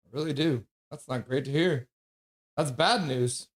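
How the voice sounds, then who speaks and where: A man's voice: mid-range voice, measured pace. A man hosting a live hockey watch-along stream, joking around and greeting viewers from chat in a casual way. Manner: jokey, reads chat messages aloud and greets viewers.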